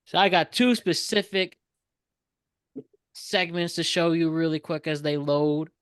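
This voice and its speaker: A man hosting a casual podcast, explaining things to listeners with quick asides. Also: a little high, fairly bright tone, smooth, dry recording. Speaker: podcast host.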